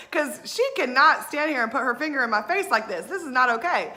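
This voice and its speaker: A woman, a wedding planner telling stories in a casual, animated way, often laughing and acting out what others said. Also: high-pitched, fairly quick, hardly any pauses, faint music behind. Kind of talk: casual storytelling.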